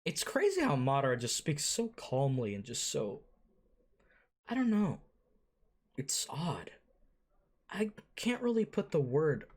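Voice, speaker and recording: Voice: medium pitch, huge pitch swings, unhurried, pauses often, husky. An anime reaction host giving casual, rambling commentary, swearing freely and full of fillers and restarts.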